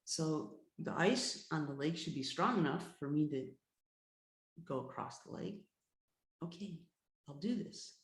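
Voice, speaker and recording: A man's voice: on the high side, lively intonation, unhurried, fairly bright tone. A woman voicing a lone male hunter lost on a frozen lake, who talks to himself under his breath. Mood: reasoning. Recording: roomy echo.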